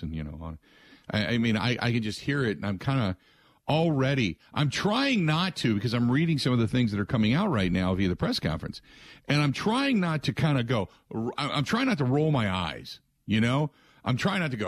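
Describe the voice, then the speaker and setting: Male sports radio host, animated rhetorical monologue, close dry studio mic. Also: mid-range voice, brisk, no echo. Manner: animated and rhetorical, mocking the answers he expects.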